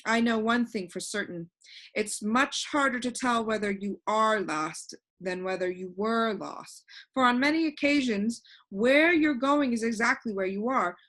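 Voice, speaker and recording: A woman voicing a fussy, scatterbrained, ordinary-sized man who rambles in a bright, raised voice. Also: on the high side, unhurried. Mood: rambling.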